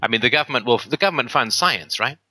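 Hosting a call-in show, a man argues casually and emphatically, using rhetorical tag questions and plenty of ums and uhs. His mid-range voice is sharp-toned and lively, moving quickly, with no room sound.

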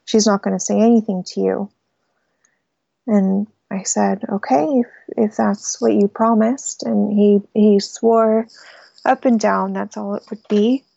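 Young female caller, hesitant storyteller, mellow and fry-heavy tone, muffled lo-fi call sound. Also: mid-range voice, steady tone, no echo. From United States. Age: young adult. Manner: halting, hesitant storytelling with restarts.

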